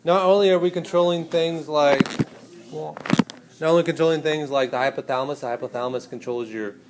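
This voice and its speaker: Lively male teacher in an echoey classroom. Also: fairly high pitch, fairly quick, background noise. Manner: lively, hands-on, speaks directly to students. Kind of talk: classroom lecture.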